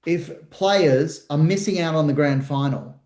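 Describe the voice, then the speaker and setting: A man's voice: a little high, measured pace, a little mellow. An Australian man co-hosting a sports podcast, jokey and stumbling over his words in casual banter, in a roomy podcast recording. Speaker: podcast co-host.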